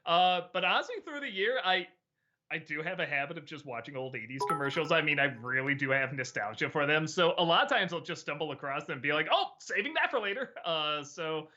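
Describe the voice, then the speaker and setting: A man's voice: fairly high pitch, a little fast, sharp tone, muffled recording. A middle-aged man answering viewer questions in a casual livestream chat, rambling, laughing often and swearing freely.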